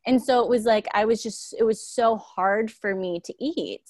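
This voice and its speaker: A woman's voice: fairly high pitch, normal speed, darkish tone, dry recording, clean studio sound. A young woman in casual chat, telling candid personal stories and saying "like" a lot. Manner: candid, lots of "like", emotional storytelling.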